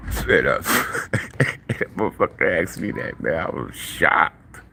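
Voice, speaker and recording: A middle-aged man telling stories casually in a profane, slangy, animated way. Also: a bass voice, unhurried, creaky, a little hiss or hum. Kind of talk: casual storytelling.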